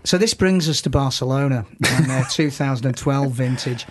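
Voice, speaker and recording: A man's voice: medium pitch, normal speed, a little hiss or hum. A man who is a regular contributor to a radio show, giving a sardonic comic segment and reciting a poem in a wry, rambling way.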